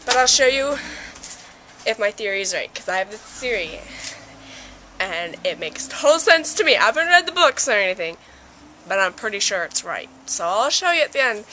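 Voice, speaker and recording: A young woman with a mid-range, sing-song voice and a sharp tone talks at normal speed, with slight hiss or hum audible. She vlogs at home, casually ranting to camera and laughing about an embarrassing day.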